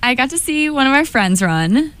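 A woman's voice: sits high, sing-song, moderate pace, fairly bright tone, clear, resonant tone. A young woman co-hosting a college radio show, chatting casually between songs and laughing often.

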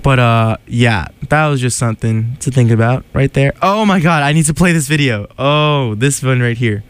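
Animated man hosting a radio show. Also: medium pitch, normal speed, clear, resonant tone. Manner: animated, laughing, incredulous. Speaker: radio host. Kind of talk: casual radio chat.

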